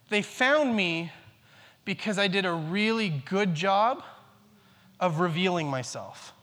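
A man's voice: high-pitched, bright, forceful tone. A man in his thirties preaching a sermon, earnest, repeating key phrases for emphasis. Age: 30s. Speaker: pastor. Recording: long reverb in a large hall.

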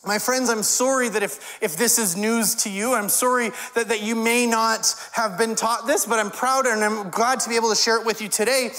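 A man's voice: extremely high pitch, fairly even intonation, normal speed, few pauses, sharp tone. A male pastor preaching a sermon in a conversational way, with wry humorous asides. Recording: long hall reverb.

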